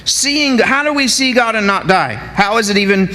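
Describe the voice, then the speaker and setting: Animated male pastor in a reverberant church. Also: high-pitched, normal speed. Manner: animated, asks the congregation questions. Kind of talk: sermon. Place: church sanctuary.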